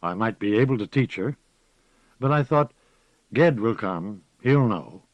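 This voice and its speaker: A man voicing a weary, earnest woman who speaks softly and pleadingly. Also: lowish voice, expressive, unhurried, no room sound. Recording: slightly muffled recording.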